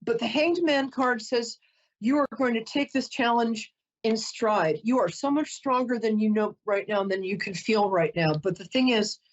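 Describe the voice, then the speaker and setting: A woman's voice: on the high side, moderate pace, highs cut off. A woman psychic host doing a reading for a caller, chatty, emotional and apologetic, often close to tears.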